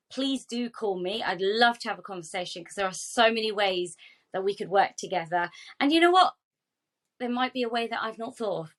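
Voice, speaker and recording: A woman speaks as a podcast guest about her charity work. She tells her stories with feeling and slips into other people's voices as she quotes them. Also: medium pitch. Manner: animated, heartfelt storytelling with quoted dialogue. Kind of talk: podcast interview.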